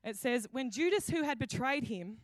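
A woman pastor delivers a sermon in a dry, close sound. Her voice sits fairly high, and she tells the story vividly, acting out quoted lines and often restarting her phrases. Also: expressive, moderate pace, no echo.

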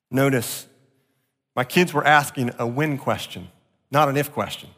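A man preaching a sermon as pastor, expressive, jumping up in pitch to act out quotes. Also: unhurried, long pauses. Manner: expressive, acts out quotes with sharp jumps in pitch. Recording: long reverb of a large hall.

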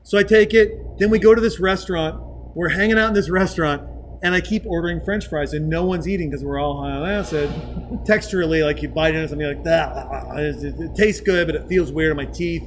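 A man in his forties, a podcast host, telling stories in a casual, animated way and laughing as he goes. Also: on the high side, fairly quick, slight background noise, poor audio. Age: 40s. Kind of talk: casual storytelling chat.

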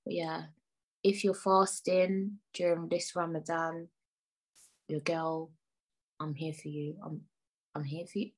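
Her voice is low and level, her pace unhurried, with long pauses between thoughts. She's a young woman chatting casually on her own podcast, rambling and playfully indignant, occasionally lowering to near-whispers for asides.

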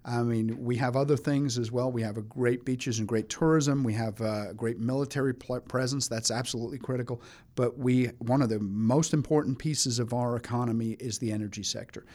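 A man's voice: medium pitch, fairly even intonation, brisk, a little mellow. A middle-aged man from England, a studio guest on a radio talk show, chatty with many restarts. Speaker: economic development chief, studio guest. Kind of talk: casual radio interview.

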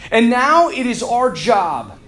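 A man giving an energetic, jokey Catholic talk to a group, acting out characters in his stories. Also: extremely high pitch. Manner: energetic and jokey, acts out quoted characters, clears throat often. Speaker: Catholic speaker who does marriage counseling. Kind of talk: animated preaching talk to a youth audience.

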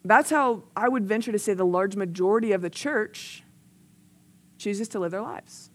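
A woman with a medium-pitched voice preaches into a microphone at a moderate pace. Her sermon is conversational and earnest, made of personal stories with frequent "like" that build in intensity.

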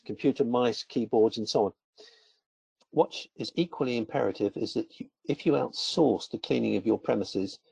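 A middle-aged man presenting a webinar in a measured, methodical way. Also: mid-range voice, gravelly, a little mellow, breathy edge, no echo. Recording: dull, lo-fi sound.

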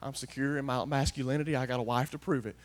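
A man preaching a folksy sermon, swinging from hushed asides to loud, emphatic declarations. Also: mid-range voice, steady tone, fast talker. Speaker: pastor.

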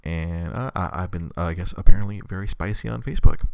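A man's voice: low-pitched, fast talker, gravelly, smooth, no echo, clean studio sound. A man hosting a live podcast in casual, rambling chat, swearing a lot and laughing often. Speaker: podcast host.

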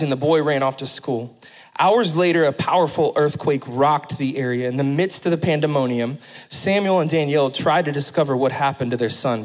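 A man's voice: medium pitch, low-quality recording. A middle-aged man preaching a sermon and telling a story, building to impassioned, emphatic phrases. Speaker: pastor.

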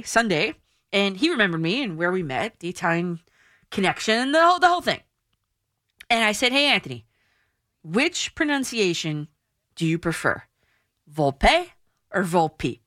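A woman's voice: on the low side, a bit bright, no room sound, clean studio sound. A woman in her thirties hosting a sports talk radio show, chatty and emphatic. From New Jersey. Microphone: studio microphone.

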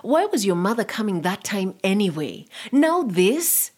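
A woman's voice: mid-range voice, very animated, a little slow, a little mellow, slightly rough. A woman reading the part of a stern, worried middle-aged father who speaks firmly. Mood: scolding. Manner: firm, scolding.

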